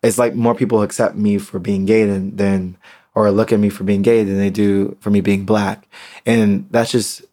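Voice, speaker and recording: An American young man speaking candidly in an unedited solo podcast monologue, halting with ums and restarts. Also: lowish voice, level tone, mellow. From United States. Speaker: podcast host.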